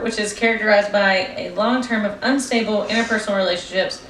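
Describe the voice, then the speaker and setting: A woman's voice: mid-range voice, steady tone, fast talker, hardly any pauses, a bit bright, distant mic. A young woman co-hosting a casual true-crime podcast, reading her notes aloud and breaking into giggles and stumbles. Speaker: podcast co-host. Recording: roomy echo, voice off-mic, faint room noise.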